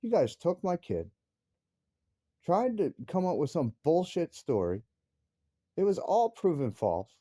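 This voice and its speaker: A man's voice: on the high side, sing-song, measured pace, long pauses, dark tone, breathy edge, no room sound, clean studio sound. A man, a father, angrily ranting about his family with heavy swearing, his voice jumping up into outbursts. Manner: angry, profane, voice rising sharply into outbursts. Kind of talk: heated personal rant.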